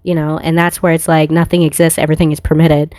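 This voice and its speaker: A woman's voice: sits low, level tone, brisk, darkish tone. A woman tarot reader talking in a casual spiritual monologue, rambling and swearing freely, often laughing at herself.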